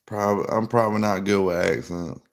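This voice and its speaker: A man with a low-pitched voice and noticeable vocal fry hosts a casual livestream. Speaking at a normal speed, he answers viewer comments in a laid-back, rambling way, saying "like" a lot.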